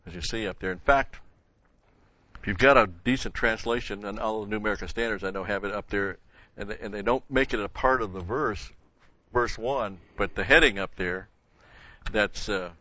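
A man's voice: fairly low pitch, sharp tone, no echo. A man teaches a sermon verse by verse, his voice lifting to stress the key words. The sound is dry and close, with a slightly dull, muffled top end. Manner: explains verses step by step, rising in emphasis on key words. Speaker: Bible teacher. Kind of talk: expository sermon.

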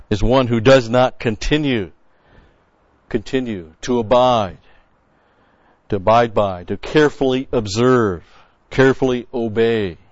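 In a medium-pitched voice, a man teaches a sermon verse by verse as a Bible teacher, stressing points through repeated key words and unpacking the grammar of the original text. The audio is dry, dull, and lo-fi.

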